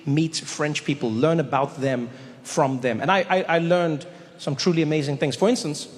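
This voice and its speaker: A man performing a stand-up comedy set, telling stories in an animated way with sudden exaggerated voices. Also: a little high, normal speed. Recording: long hall reverb, faint noise.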